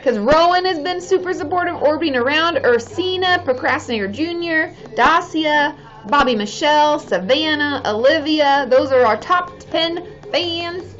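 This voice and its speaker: A woman's voice: sits high, animated, moderate pace, fairly bright tone. A woman in her thirties, a therapist hosting a casual live stream, chatting with viewers in a bubbly way and cheering often. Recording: slightly dull sound with faint music behind.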